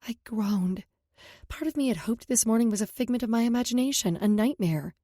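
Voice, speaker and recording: A woman's voice: on the high side, fairly quick, mellow, dry recording. A woman narrating a first-person romance audiobook in an emotive, intimate storytelling manner, recorded on a close studio mic.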